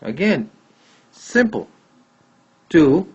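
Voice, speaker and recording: A man's voice: mid-range voice, expressive, slow, husky. A man teaching a Spanish grammar lesson, patiently repeating and checking answers aloud. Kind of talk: classroom lesson explaining grammar. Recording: dull lo-fi recording.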